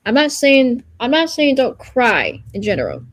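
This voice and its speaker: A woman's voice: high-pitched, huge pitch swings, normal speed. A woman on a casual livestream giving an earnest, reassuring pep talk, rambling and searching for her words as she goes.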